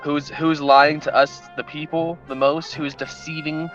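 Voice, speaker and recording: A man co-hosting a casual political talk show, halting and searching for words as he speaks. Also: on the high side, flat delivery, a bit bright, dull audio, soft background music. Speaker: co-host.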